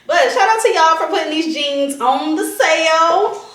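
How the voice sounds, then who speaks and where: A woman in her thirties chatting casually to viewers in a vlog, animated and slangy with frequent asides. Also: very high-pitched, normal speed. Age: 30s. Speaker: vlogger. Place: in a car and at home.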